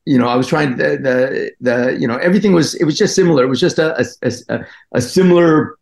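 A man's voice: on the high side, vocal fry, darkish tone. Rambling man from New Jersey, roomy sound. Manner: rambling, halting storyteller. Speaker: guest actor. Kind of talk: casual podcast interview. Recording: roomy echo.

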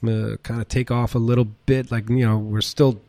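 A middle-aged American chef and restaurant owner rambles through stories in a casual interview, speaking in a mid-range voice at a moderate pace with no echo. He's animated, uses lots of fillers, and swears now and then.

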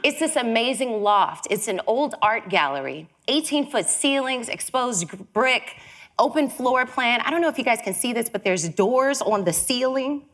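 Animated woman telling a story onstage. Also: fairly high pitch, normal speed. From Chicago. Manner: animated, acts out quoted voices. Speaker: speaker giving a talk. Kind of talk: storytelling talk.

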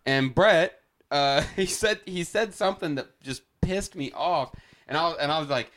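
A young man co-hosting a casual beer-tasting chat, telling stories loosely and laughing, jumping into loud voices when he quotes himself. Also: fairly high pitch, a little slow. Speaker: podcast co-host.

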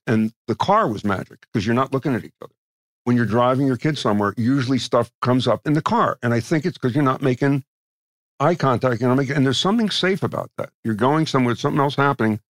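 A man's voice: medium pitch, expressive, quick pace, dry recording, clean studio sound. Chatty joking male podcast host. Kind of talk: casual chat.

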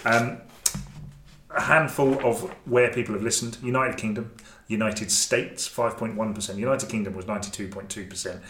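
A man's voice: fairly low pitch, fairly even intonation, normal speed, a bit bright. A man hosting a casual podcast in a jokey, chatty, rambling way, often restarting his sentences. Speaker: podcast host. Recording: roomy echo, faint noise.

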